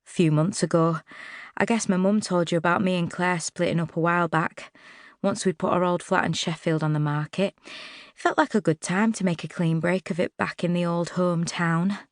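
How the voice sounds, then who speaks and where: A woman's voice: lowish voice, fairly even intonation, moderate pace, no echo, studio quality, close to an everyday voice. A woman voicing a cheeky, friendly young man in his late twenties, easygoing and teasing, in an audiobook. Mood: rueful. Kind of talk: audiobook character dialogue.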